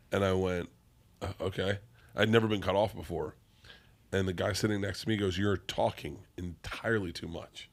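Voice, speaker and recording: A man's voice: sits low, steady tone, moderate pace, pauses often. A middle-aged man, a comedian guest, telling a wild story in casual chat, profane and rowdy, acting out the people he quotes.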